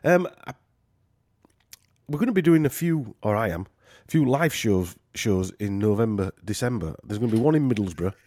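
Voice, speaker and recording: A man's voice: lowish voice, lively intonation, moderate pace, a little mellow, no echo, studio quality. A man with a Yorkshire accent hosting a casual podcast chat, rambling and joking with lots of fillers. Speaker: podcast host.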